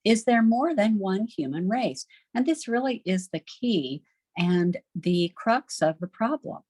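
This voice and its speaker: A middle-aged woman teaching a recorded homeschool literature lesson, chatty and lively, often putting questions to her class. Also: medium pitch, a little slow, slightly rough, dry recording.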